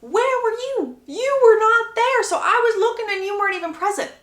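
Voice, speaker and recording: A sarcastic young society lady, fed up with matchmaking and quick with a dry comeback, as a woman narrating the story does her. The voice sits high and moves a lot, in an echoey room. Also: expressive, a bit bright. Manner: sarcastic, eye-rolling. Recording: roomy echo.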